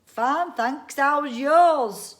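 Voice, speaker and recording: A woman's voice: high voice, drawn-out words, voice pushed up. Woman doing a cheeky answering echo. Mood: teasing. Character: mocking echo answering back from the caves.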